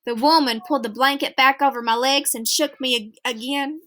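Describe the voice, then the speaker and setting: A woman's voice: high-pitched, fairly even intonation, normal speed, pushed and bright. A woman reading a novel aloud, narrating steadily in a child's first-person voice. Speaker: reader.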